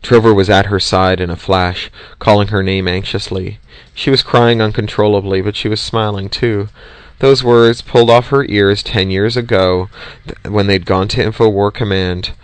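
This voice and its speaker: A man reading an audiobook in a steady, measured way, close to the mic. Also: on the low side, smooth, no room sound. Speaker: audiobook reader. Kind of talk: audiobook narration.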